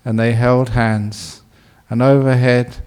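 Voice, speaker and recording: Slow, playful monk telling a story. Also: male voice, mid-range voice, fairly even intonation, a little mellow, clear, resonant tone. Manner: playful, acts out voices and quacks, laughs at himself. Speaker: Buddhist monk giving a talk. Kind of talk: storytelling dharma talk.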